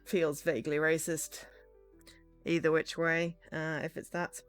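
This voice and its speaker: A woman's voice: sits low, level tone, unhurried, dry recording, faint music behind. A woman streamer giving casual game commentary, chatty and giggly.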